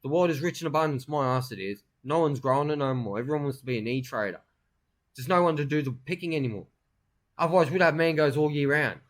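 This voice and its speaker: A man with a loud, ranting way of talking, swearing through crude casual banter and jokes as co-host. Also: medium pitch, quick pace.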